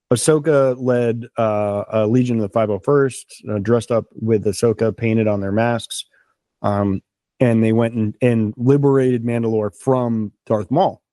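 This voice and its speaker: A man's voice: medium pitch, mellow, dry recording. A man hosting a casual podcast chat, rambling with enthusiasm and lots of fillers. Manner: chewing a snack while talking. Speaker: podcast host.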